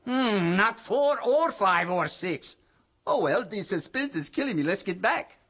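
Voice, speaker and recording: A jolly counting vampire, high swoopy voice, dull audio with loud organ music behind. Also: male voice, expressive, heavily acted. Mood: suspenseful. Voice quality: theatrical laughing, drawn-out delivery. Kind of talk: children's TV puppet show.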